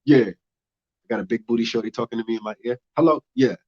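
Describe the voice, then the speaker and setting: Animated young man doing stand-up, lo-fi. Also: on the low side, quick pace. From United States. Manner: animated, swings from loud bursts to muttered asides. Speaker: stand-up comedian. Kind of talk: stand-up comedy set.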